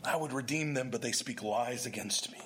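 A man's voice: medium pitch, normal speed, a bit bright, slight background noise. A man preaching a sermon, explaining scripture verse by verse and putting questions to his congregation. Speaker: pastor.

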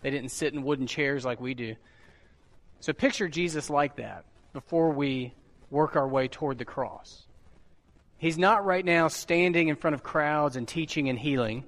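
A man preaching a sermon, retelling a scripture story slowly and vividly, leaning on deliberate emphasis. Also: on the high side, fairly bright tone, big-room sound.

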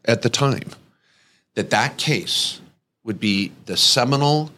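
A man's voice: mid-range voice, takes it slowly. Middle-aged guy hosting a podcast, voice swoops all over, acts out the people in his story. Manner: lively, acts out voices in anecdotes. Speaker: podcast host. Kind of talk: animated storytelling chat.

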